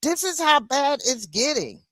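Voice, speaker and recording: A woman's voice: high-pitched, very animated, measured pace, fairly bright tone, dry recording. A woman from the United States hosting a solo livestream, venting in an impassioned, emphatic way. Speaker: livestream host.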